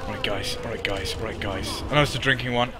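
A young man streaming a game live, swearing and reacting excitedly while chatting to his viewers. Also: on the low side, quick pace, very noisy. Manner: excitable, swears a lot, talks to chat. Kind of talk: live gameplay commentary.

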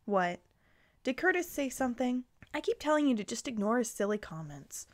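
A woman reading the lines of a young heroine in a soft, hesitant voice. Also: fairly high pitch, sing-song, normal speed, dry recording. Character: young woman, cheerful then saddened heroine.

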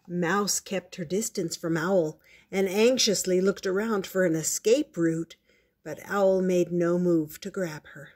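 An older woman reading a picture book aloud in a slow, gentle storytelling manner. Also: on the low side, husky.

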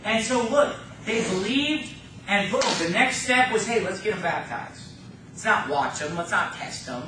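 A man preaching a fervent sermon in a church, reading scripture slowly and mocking opposing views in quick asides. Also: sits high, lively intonation, background noise. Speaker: pastor. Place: church sanctuary. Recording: echoey church room, mic far off.

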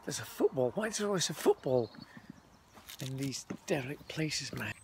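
A man's voice: mid-range voice, sing-song, moderate pace, background noise. A man rambling casually to his viewers, calling them folks, while walking outdoors and filming on a handheld phone. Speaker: vlogger. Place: outdoors, walking around town.

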